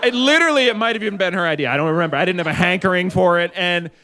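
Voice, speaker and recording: A man in his forties works through a live stand-up set with a noticeably high voice. He rambles in loose, chatty runs and jumps into shrill, exaggerated quoted lines. He speaks into a handheld mic on stage. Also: very fast, pushed and bright, some chatter behind. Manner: loose, rambling delivery with sudden high-pitched acted quotes. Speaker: stand-up comedian. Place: stage at a live comedy show.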